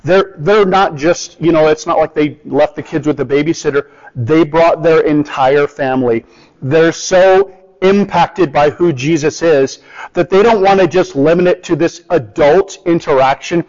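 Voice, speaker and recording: A man's voice: fairly high pitch, measured pace, darkish tone. A man preaching a sermon in a conversational way, acting out the people he quotes. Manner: conversational, acts out quoted voices. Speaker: pastor. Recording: dull lo-fi with long hall reverb.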